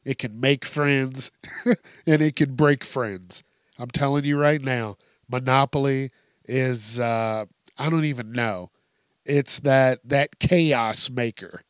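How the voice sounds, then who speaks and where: A man's voice: mid-range voice, takes it slowly, no room sound, clean studio sound. A man hosting a casual, profane news commentary show, telling odd stories with cursing and laughter. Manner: animated storytelling with heavy cursing and laughter. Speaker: host.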